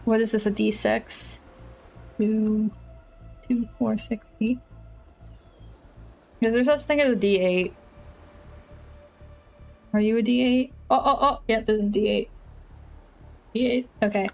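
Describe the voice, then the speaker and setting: A woman's voice: fairly high pitch, a little slow, gravelly, long pauses, darkish tone, soft background music, poor audio. A woman streaming a dating game, chatting casually, playful and dramatically whiny, mocking herself. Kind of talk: casual live-stream gameplay commentary.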